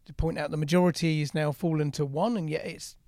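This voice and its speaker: Podcast host guy, bit higher voice, gravelly, dry sound, pushes with questions. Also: fast, dry recording. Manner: probing questions, lively inflection. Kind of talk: podcast interview.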